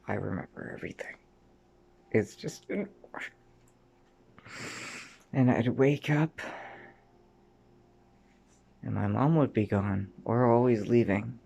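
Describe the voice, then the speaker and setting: Slow, gravelly-voiced man rambling. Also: mid-range voice, dark tone, muffled recording. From Canada. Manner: rambling, swears often, drifts between memories; sometimes drops to a mutter or whisper. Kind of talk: rambling personal monologue.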